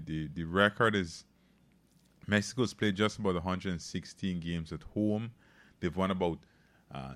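A man co-hosting a morning show, chatting about sports with halting, repeated words. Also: low voice, dry recording. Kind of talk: casual chat.

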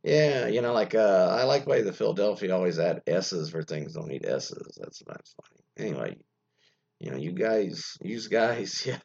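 A man's voice: low voice, very animated, moderate pace, creaky, a little mellow. A man hosting a radio show, rambling casually, often interrupting himself and swearing freely as he comments on what he reads. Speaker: show host. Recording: dull lo-fi recording.

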